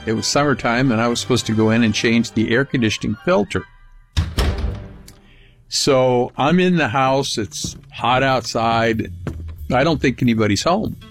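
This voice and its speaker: Older california guy rambling thru a folksy story, average voice, quiet music in the back. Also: mid-range voice. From Palm Springs, California. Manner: folksy, rambling, with frequent restarts. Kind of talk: casual spoken anecdote.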